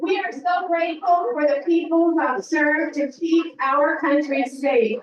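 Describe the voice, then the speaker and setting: A woman giving an earnest, deliberate speech to a festival crowd, heard from a played-back video. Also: high voice. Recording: muffled, distant, very echoey video playback.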